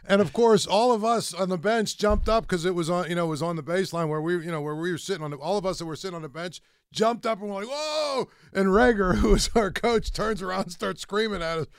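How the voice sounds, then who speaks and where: A man in casual sports talk who tells stories in an animated, excitable way. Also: sits high, fast, few pauses, smooth, no room sound, clean studio sound.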